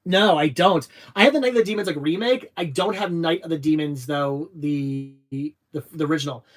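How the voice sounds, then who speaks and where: A young adult man hosting a casual livestream, reading viewer questions aloud and answering in a halting, rambling way. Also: on the high side. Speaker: livestream host answering chat.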